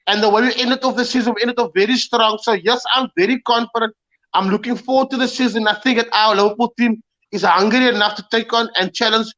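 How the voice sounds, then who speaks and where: Bright high-voiced man, halting football chat. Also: fairly even intonation. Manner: halting, repeats words, many fillers. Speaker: panelist, Liverpool supporter. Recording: dull lo-fi audio.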